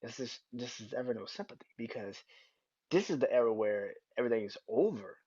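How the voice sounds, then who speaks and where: A man's voice: medium pitch, expressive, fairly quick, dark tone, breathy edge. A young man hosting a solo podcast, talking casually in a rambling way with frequent restarts and free swearing. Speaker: podcast host. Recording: dull lo-fi sound.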